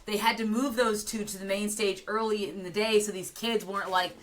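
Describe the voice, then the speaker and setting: A woman's voice: medium pitch, fairly even intonation, a little fast, poor audio. An American woman co-hosting a podcast in casual chat, eager and full of filler words. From United States. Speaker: podcast co-host.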